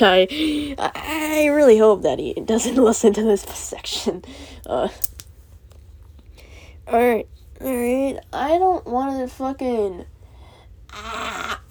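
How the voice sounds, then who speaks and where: A woman's voice: fairly high pitch, animated, slow, long pauses, a little mellow. A young woman hosting a casual solo podcast, ranting in a profane, rambling way and laughing through her angry venting. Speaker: podcast host.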